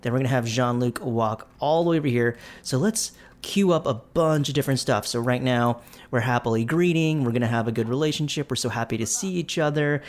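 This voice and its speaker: A man's voice: medium pitch, a little fast, few pauses. Playful young man narrating gameplay. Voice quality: playful, chatty, narrates his own actions. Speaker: let's play host. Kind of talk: gameplay commentary.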